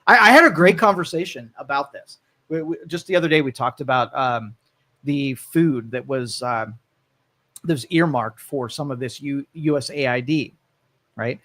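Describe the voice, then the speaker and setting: A man's voice: mid-range voice, normal speed. A man hosting a call-in talk show, talking casually and rambling through opinions and comic stories. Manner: rambling, animated storytelling. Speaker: radio talk show host.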